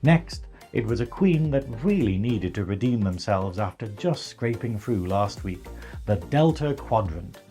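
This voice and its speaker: A northern English man narrates a scripted recap in a chatty, wry way. He speaks at an ordinary pitch. Faint music sits behind him. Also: expressive, a little slow, mellow. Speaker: show reviewer.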